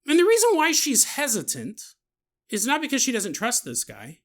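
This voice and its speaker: A man's voice: very high voice, huge pitch swings, moderate pace. A man hosting a podcast, telling a story in a comedic, jokey way and laughing at his own asides. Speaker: podcast host.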